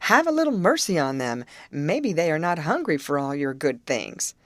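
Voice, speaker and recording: A woman's voice: sits low, sing-song, normal speed, dry recording. A woman voicing a good-humored middle-aged male overseer who speaks jovially. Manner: laughing, jovial.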